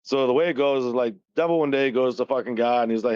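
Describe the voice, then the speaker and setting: A man's voice: medium pitch, fast, hardly any pauses, darkish tone, clean tone, dry recording. A man in his thirties co-hosting a casual podcast, retelling a story loosely, swearing constantly and laughing often. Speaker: podcast co-host. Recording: dull, dry, lo-fi sound.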